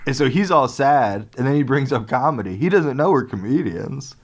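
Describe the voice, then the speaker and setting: A man's voice: medium pitch, moderate pace, noisy background. A man co-hosting a podcast, telling a story in casual comedic style, laughing often and acting out what people said. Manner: laughs often, animated, acts out quotes. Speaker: podcast co-host.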